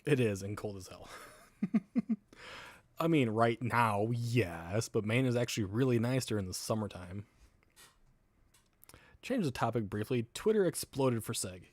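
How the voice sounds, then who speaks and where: A man's voice: mid-range voice, expressive, a little slow, pauses often, darkish tone, no room sound. A man hosting a casual livestream, rambling between topics while answering viewer comments and laughing often. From US South. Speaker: livestream host.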